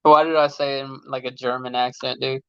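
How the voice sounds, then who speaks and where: This man, a mechanic in his late 30s, talks a little fast in a mid-range, level, clean-toned voice while hosting a loose, slang-filled livestream, reading viewer comments and laughing a lot. He uses a phone mic, so the dry recording sounds muffled.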